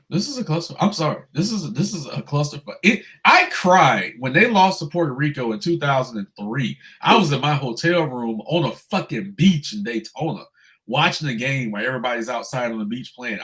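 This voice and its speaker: A man co-hosting a casual sports podcast, animated and profane, ranting loudly when upset. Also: mid-range voice. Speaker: podcast co-host.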